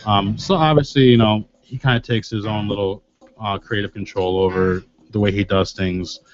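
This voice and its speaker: Casting: low-voiced Western New York musician, halting and filler-heavy, dull sound, faint music behind. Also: male voice, fairly even intonation. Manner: hesitant, many fillers and restarts. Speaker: band member guest. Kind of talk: interview talk.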